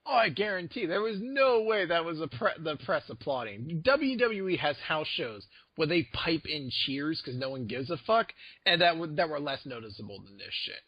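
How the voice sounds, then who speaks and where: A man's voice: on the high side, big pitch swings, normal speed, hardly any pauses, fairly bright tone, breathy edge, no echo. A man co-hosting a podcast in casual chat, joking and swearing, now and then slipping into silly put-on accents. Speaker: podcast co-host.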